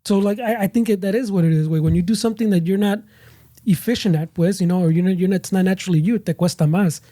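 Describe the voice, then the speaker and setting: A man's voice: high-pitched, fast, dark tone. A laid-back man in casual podcast chat, swearing and switching into Spanish. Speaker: podcast co-host.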